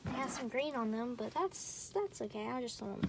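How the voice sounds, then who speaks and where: A young woman casually chatting while unboxing and trying slimes, sometimes squealing and sometimes dropping to a soft near-whisper. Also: fairly high pitch, expressive, normal speed. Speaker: slime reviewer. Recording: loud background noise.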